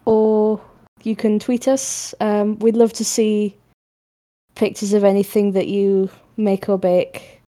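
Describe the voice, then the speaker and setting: A woman with a Northern English accent, co-hosting a podcast in a relaxed, easygoing chat. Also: medium pitch, takes it slowly. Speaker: podcast co-host. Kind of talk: casual chat.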